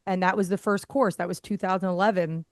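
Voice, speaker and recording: Talking fast in a lower-register voice with no echo, a woman airway therapist shares a story as a podcast guest. She's casual and lively, frequently laughing and voicing other people's dialogue.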